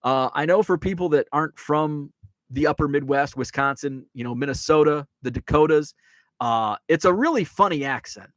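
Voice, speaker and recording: A man's voice: a little high, moderate pace, no echo. Rambling man on a dry, close mic. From Illinois. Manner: rambling, with many restarts and fillers. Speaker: sports card collector and channel host. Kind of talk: casual livestream chat, reading viewer comments.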